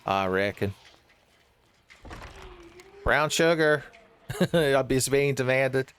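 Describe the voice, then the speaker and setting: Male let's-player, smooth clear voice, average pitch, rambling deadpan jokes with frequent laughs. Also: very slow. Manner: wry, rambling, laughs often at his own jokes. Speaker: streamer playing a horror game. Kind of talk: joking gameplay commentary.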